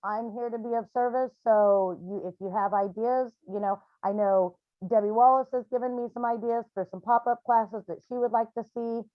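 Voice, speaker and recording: A woman's voice: a little high, steady tone, moderate pace, few pauses, no echo. Woman hosting a healing group over a video call: candid, chatty, plenty of ums, dry dull audio. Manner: candid and chatty, with frequent "um" and restarts. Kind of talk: casual talk on a video call.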